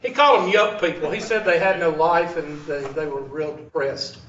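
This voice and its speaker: High bright-voiced joking math teacher. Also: male voice, normal speed, slight background noise. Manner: joking, digressive, blunt storyteller. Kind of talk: classroom lecture. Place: classroom. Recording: roomy, distant, dull lo-fi room recording.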